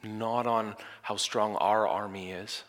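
A male pastor preaching a sermon with great drama, dropping to hushed near-whispers and then rising to loud, emphatic lines. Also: on the low side, steady tone, slow pace. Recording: echoey church hall.

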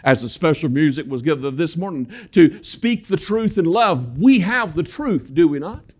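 A man's voice: on the high side, animated, moderate pace, hardly any pauses, breathy edge. A man preaching a sermon in a church, walking about as he talks, folksy and repetitive, calling the congregation "folks". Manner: folksy, repeats words, addresses congregation as folks. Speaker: guest preacher. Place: church sanctuary. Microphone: walking while preaching, moving around the mic.

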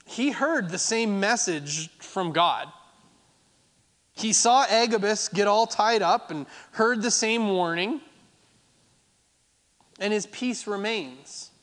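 A man's voice: sits high, expressive, takes it slowly, pauses often, fairly bright tone. Man, pastor preaching, emphatic repeated phrases, long church reverb. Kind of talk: sermon.

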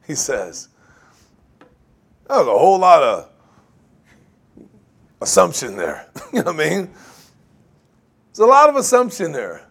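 A man preaching a sermon, animated, laughing often and acting out quoted voices. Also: on the high side, a little slow, long pauses, slightly rough. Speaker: pastor.

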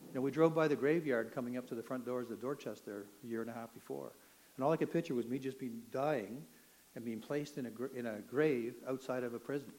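An older man from Canada telling a personal testimony in an earnest, emotional way, sometimes rising almost to a shout. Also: mid-range voice, quick pace, slight background noise, low-quality recording. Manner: earnest, emotional storytelling, rising to near shouts at dramatic moments. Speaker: testimony speaker.

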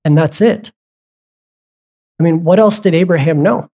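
Pastor preaching, chatty sermon, keeps asking the church questions, middle pitch. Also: measured pace, mellow. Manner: asks the congregation repeated questions; conversational, with asides and self-corrections.

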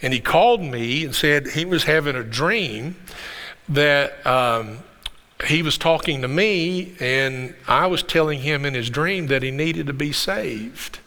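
A man's voice: a little high, animated, unhurried, pushed and bright. A male pastor preaching a sermon in a church, telling stories in a conversational way and repeating words as he gets going. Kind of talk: sermon with storytelling. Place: church sanctuary. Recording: long reverb of a church hall.

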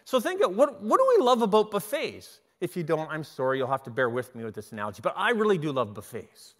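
A middle-aged man preaching a sermon, telling stories in an animated way and often restarting his sentences. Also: a little high, fast. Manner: animated storytelling with repeated restarts. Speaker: pastor. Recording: long hall reverb.

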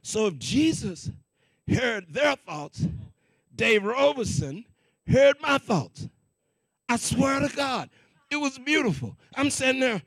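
A man preaching and telling a personal testimony in an animated, repetitive, conversational way. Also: extremely high pitch, slow, slightly rough, no room sound. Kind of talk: sermon testimony storytelling.

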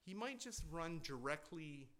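A man preaching a sermon in a conversational way, asking the congregation questions and shifting between loud emphatic lines and quiet asides. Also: fairly high pitch, animated, a little slow. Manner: conversational preaching with rhetorical questions and repeated restarts. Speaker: pastor.

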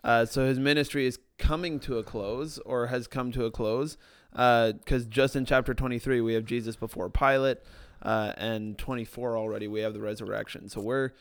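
A man with a smooth, resonant voice at an ordinary pitch. He earnestly reads scripture aloud and then turns it over with open questions, in a casual podcast chat. The recording is dry and close. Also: steady tone, moderate pace, no room sound. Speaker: podcast co-host. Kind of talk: casual Bible discussion.

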